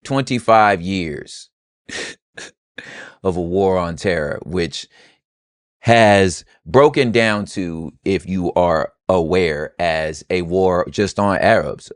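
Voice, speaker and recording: A man hosting a podcast, giving casual, expressive commentary in a conversational way. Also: low-pitched, no room sound, clean studio sound. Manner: expressive and conversational, slips into playful quoted voices. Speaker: podcast host.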